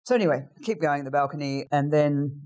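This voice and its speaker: A middle-aged Australian woman, a guest in an interview, telling lively anecdotes in a casual way. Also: low-pitched, fairly quick. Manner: lively anecdotal storyteller, acts out quoted lines.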